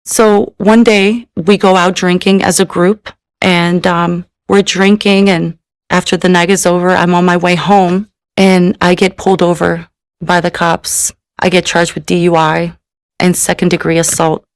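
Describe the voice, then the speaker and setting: Gravelly woman giving an earnest testimony. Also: lowish voice, flat delivery, dry recording. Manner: earnest, emotional, slow in places. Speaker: testimony speaker. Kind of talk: personal testimony.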